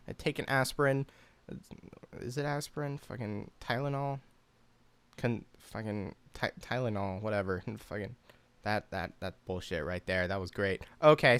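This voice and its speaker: This is a commentary YouTuber, a young man whose medium-pitched voice sounds a bit bright, clear and resonant in a dry recording. He tells a personal story casually, wandering along with lots of swearing, fillers and restarts.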